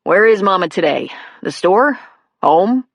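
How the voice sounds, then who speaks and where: A woman voicing an adult male police officer who speaks in a steady, wry, firm way. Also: lowish voice, measured pace, vocal fry, dry recording, muffled recording, full character voice.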